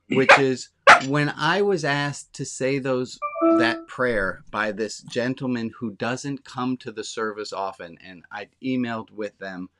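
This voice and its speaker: Man, rabbi, conversational sermon, frank, plainspoken, average pitch. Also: background noise. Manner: talks directly to a small congregation.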